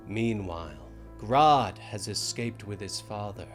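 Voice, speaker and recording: Slow, lively male story narrator. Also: medium pitch, faint music behind. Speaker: comic book narrator.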